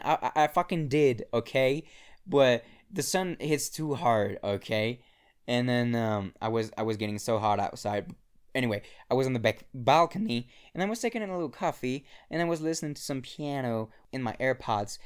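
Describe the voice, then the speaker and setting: Talking alone into his own podcast microphone from an apartment in the mountains, a young man hosts his casual solo podcast, rambling, swearing and restarting often. His medium-pitched voice is smooth and animated at a moderate pace.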